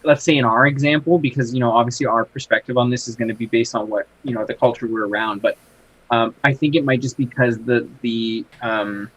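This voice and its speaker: A man moderating a casual podcast, speaking in a measured, hedging way and circling back as he thinks. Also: mid-range voice, steady tone, fairly bright tone, breathy edge, no echo. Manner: measured, hedging, restarts a lot. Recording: dull, dry lo-fi podcast recording.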